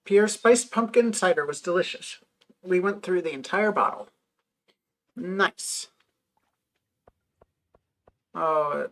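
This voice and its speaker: A woman's voice: lowish voice, slow pace, long pauses, fairly bright tone. A woman streaming a farming game, chatting casually with wry, muttered asides. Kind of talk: casual gameplay chat.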